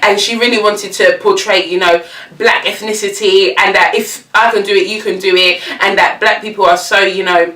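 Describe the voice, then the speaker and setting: Slangy, bright-voiced young woman. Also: medium pitch, normal speed, roomy sound, recorded from a distance. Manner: animated, slangy and gushing, laughs often. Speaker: vlogger. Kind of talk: casual chat.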